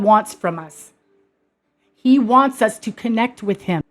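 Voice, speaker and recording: A woman's voice: on the high side, lively intonation, takes it slowly, long pauses, fairly bright tone. A woman hosting her own show, telling a personal story in an earnest way that turns emphatic and heated. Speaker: podcast host. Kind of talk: personal testimony monologue.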